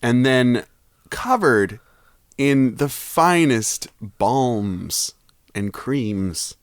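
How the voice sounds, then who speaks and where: A man's voice: mid-range voice, expressive, very slow, smooth, no room sound, studio quality. A man co-hosting a podcast, trading jokes in casual chat on a headset mic. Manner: joking, playful. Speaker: podcast co-host.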